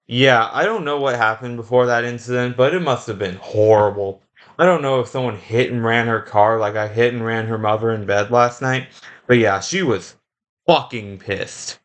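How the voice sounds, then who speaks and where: A man's voice: mid-range voice, normal speed. Sarcastic young man telling crude stories. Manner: crude, sarcastic, deadpan asides. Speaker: comedy storyteller. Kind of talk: comic storytelling with acted customer voices.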